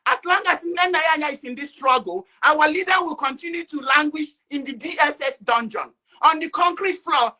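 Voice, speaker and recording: An upset woman caller giving an impassioned speech, agitated and often shouting out rapid questions. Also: high-pitched.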